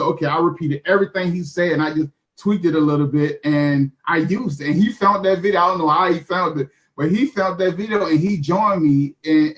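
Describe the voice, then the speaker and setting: A young adult man telling his marketing story in an emphatic, repetitive, motivational way on a live call. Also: fairly high pitch. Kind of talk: animated talk on a live call.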